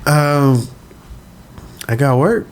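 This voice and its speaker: A man's voice: mid-range voice, animated, drawn-out words, slight background noise. A man co-hosting a podcast in casual chat, telling stories animatedly and laughing often. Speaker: podcast co-host.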